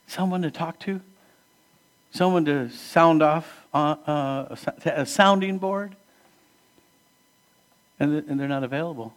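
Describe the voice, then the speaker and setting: A man preaching a sermon as pastor in an earnest, conversational way, asking the congregation questions and swinging between emphatic rises and hushed, quiet drops. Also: fairly high pitch, measured pace, long pauses.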